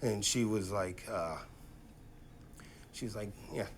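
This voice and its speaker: A man doing stand-up comedy on stage, telling animated stories from his life into a handheld mic. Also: fairly low pitch, a little hiss or hum. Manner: animated, quick to act out quotes. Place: comedy stage before a live audience.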